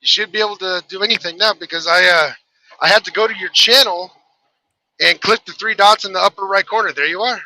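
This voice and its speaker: A man's voice: high-pitched, fairly quick, sharp tone, no room sound, rough recording. A man joining a live stream as a guest, giving short, apologetic replies.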